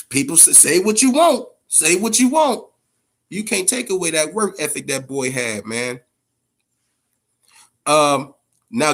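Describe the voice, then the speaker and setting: A man hosting a boxing podcast, talking casually and profanely, telling stories in an animated way with big swings in pitch. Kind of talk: casual unscripted commentary.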